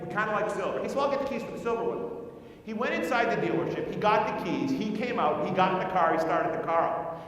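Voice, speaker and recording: A man's voice: high-pitched, a little hiss or hum. A man giving a sales training talk at a conference, telling a story, acting out the people in it, and firing rhetorical questions at the audience. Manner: acts out the other people in his story. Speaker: conference speaker. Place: large conference hall. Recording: echoey hall, speaker far from mic.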